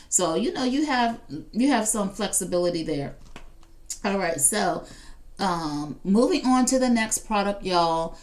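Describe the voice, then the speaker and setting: Hosting a relaxed live shopping show, this woman talks to viewers directly and reads out what they post in chat. Her mid-range voice is animated, and she speaks a little slowly.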